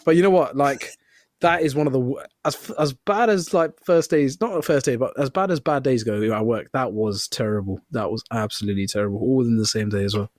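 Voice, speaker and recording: A man's voice: medium pitch, a little fast, no room sound, studio quality. A man, co-hosting a podcast and telling a work story in casual chat, acting out the quoted lines with laughter. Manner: storytelling, acts out quoted dialogue with swearing and laughter. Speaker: podcast co-host.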